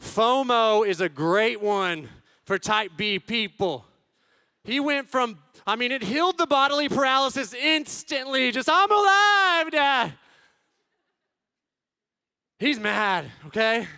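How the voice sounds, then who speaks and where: A man in his thirties tells comic stories to a crowd, loud one moment and hushed the next as he acts out what people said. His voice sits high and bright for a man. The sound is close and dry. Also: measured pace, vocal fry, clear, resonant tone, no room sound. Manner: animated, acts out quotes, swings from loud to hushed. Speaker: conference speaker. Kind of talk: comedic storytelling talk.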